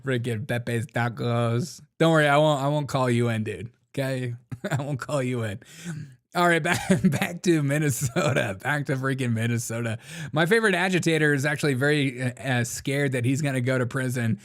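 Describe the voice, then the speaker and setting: A man hosts a live stream in a casual, slangy way. He laughs often and mocks what he reacts to, at an ordinary male pitch. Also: moderate pace. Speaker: live-stream show host.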